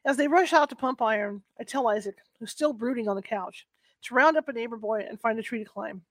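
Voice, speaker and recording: Female reader, higher register, soft unhurried delivery, dry close recording. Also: no room sound. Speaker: book reader. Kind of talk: first-person novel reading.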